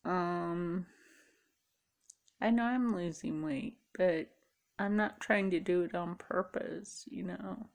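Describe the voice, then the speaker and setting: A woman's voice: lowish voice, fairly even intonation, slow, creaky. A tired middle-aged woman chatting casually to camera, rambling and musing aloud. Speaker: vlogger. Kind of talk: casual chat.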